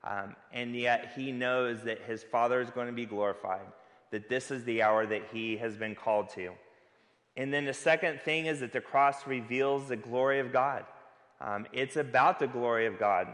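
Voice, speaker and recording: In a church sanctuary with long hall reverb, a pastor preaches a sermon. His mid-range voice is a bit bright and moves at a moderate pace. He is earnest and conversational and puts rhetorical questions to the congregation.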